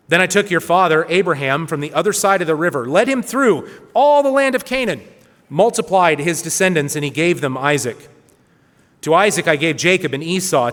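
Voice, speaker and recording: A man's voice: on the high side, fairly bright tone, long reverb tail. A man giving a sermon, reading scripture aloud with earnest, rising emphasis. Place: church hall.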